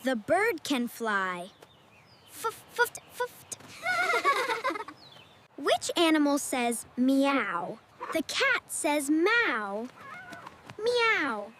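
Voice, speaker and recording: Cheerful cartoon kids. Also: female voice, sits high, wildly swooping pitch, heavy background noise, full character voice. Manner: slow, simple questions and answers. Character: cheerful cartoon children, a boy and a girl. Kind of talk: animated kids' English lesson. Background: loud background music.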